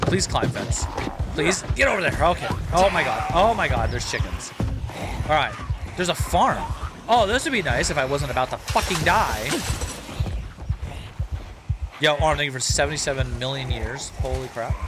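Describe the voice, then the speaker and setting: A man streaming a game live, commenting as he plays, excitable and quick to swear in frantic reactions. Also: fairly high pitch. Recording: loud music under the voice.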